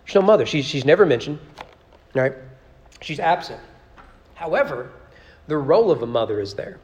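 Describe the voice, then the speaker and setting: A man's voice: a little high, lively intonation, moderate pace, darkish tone, in a large hall, highs cut off. A man teaching a church Bible study in a conversational way, often asking "right?" and reading scripture aloud with emphasis. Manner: conversational, repeats words and tags lines with "right?".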